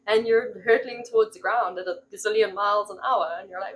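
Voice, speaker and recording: A woman's voice: medium pitch, steady tone, fairly quick, few pauses, a little hiss or hum, poor audio. A woman talking casually on her own channel as a spiritual practitioner, rambling with fillers and laughing as she acts out little exclamations. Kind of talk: casual solo monologue.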